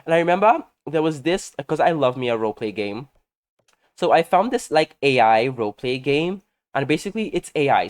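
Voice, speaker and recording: A man chats over his gameplay like he's spilling tea to a close friend. His voice is lively, with a pitch that leaps and dips through every story. He sounds sassy and gossipy, and he laughs easily. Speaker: game content creator.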